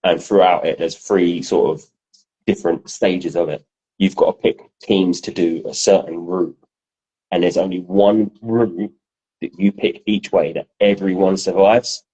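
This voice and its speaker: A man co-hosting a podcast, telling stories in a casual, animated way and swearing freely. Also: low voice, unhurried, husky, rough recording. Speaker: podcast co-host. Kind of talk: casual chat.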